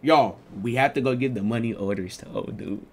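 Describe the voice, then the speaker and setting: A man's voice: medium pitch, brisk, very noisy. A young man casually telling a storytime vlog in loose, slangy talk with lots of fillers. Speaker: streamer and vlogger.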